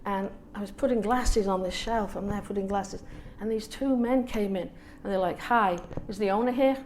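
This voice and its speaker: A woman from England, a guest author at a small event, telling a lively story with laughs and acted-out quotes. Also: medium pitch, normal speed, a little hiss or hum. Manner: lively anecdotal, laughs often, acts out quotes. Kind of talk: storytelling on a panel.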